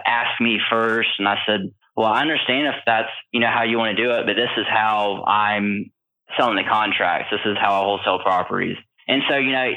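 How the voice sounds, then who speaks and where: Low-voiced man on a tinny line. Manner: animated storyteller, many fillers. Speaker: guest. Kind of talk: telling a story in an interview.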